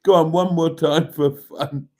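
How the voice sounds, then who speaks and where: Man, livestream host, unhurried delivery, reads chat aloud, hearty laugh. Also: fairly high pitch, steady tone, a little mellow.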